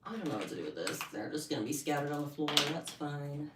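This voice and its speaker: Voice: mid-range voice, sing-song, racing, heavy background noise. A playful streamer laughs and jokes with chat while crafting bead bracelets. The voice swings around a lot, bouncing up and down through each line. The banter is loose and self-mocking. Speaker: livestreamer making beaded bracelets. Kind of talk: casual live-stream chat with viewers.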